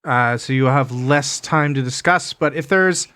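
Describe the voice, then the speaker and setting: A man narrating as game master of a tabletop game, halting often with fillers as he describes the scene. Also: medium pitch, sharp tone, clean tone. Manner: hesitant, filler-heavy narration.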